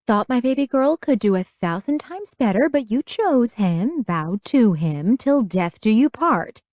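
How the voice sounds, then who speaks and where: A woman's voice: medium pitch, sing-song, normal speed, a little mellow, no echo, studio quality, voice pushed up, close to an everyday voice. A woman voicing a devout middle-aged mother who lectures her daughter in an instructive, finger-wagging way. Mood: lecturing.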